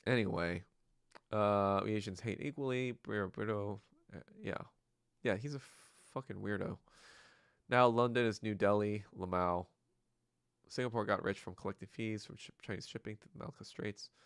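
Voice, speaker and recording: Gravelly, crude young podcaster. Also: male voice, lowish voice, steady tone, moderate pace, no echo, studio quality. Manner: rambling, crude, sarcastic, profane. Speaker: podcast host. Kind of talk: casual solo livestream rant.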